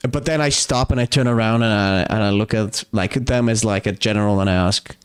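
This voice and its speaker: A man playing a tabletop game, haltingly describing his character's actions. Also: on the low side, clear, resonant tone. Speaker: player.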